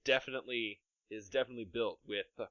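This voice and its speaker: A man's voice: medium pitch, fairly even intonation, fast talker, a bit bright, clear, resonant tone, no room sound, highs cut off. A man narrating a tabletop game as game master, descriptive and amused, laughing often.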